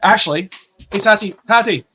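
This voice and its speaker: A man's voice: high-pitched, moderate pace, sharp tone, slight background noise. A man co-hosting a casual sports podcast, telling stories in a rambling way with many fillers and laughs. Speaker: podcast co-host. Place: lives in Tennessee.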